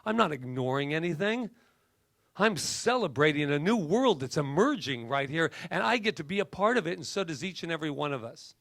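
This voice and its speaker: A middle-aged man preaching a sermon as minister, swinging from emphatic rising peaks to soft, near-whispered asides. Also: on the high side, dry recording, studio quality.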